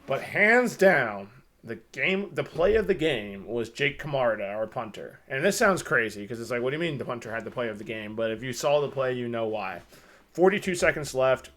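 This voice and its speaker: A man co-hosting a casual sports podcast, excitable and rambling, swearing often as he talks. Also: medium pitch, normal speed. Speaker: podcast co-host.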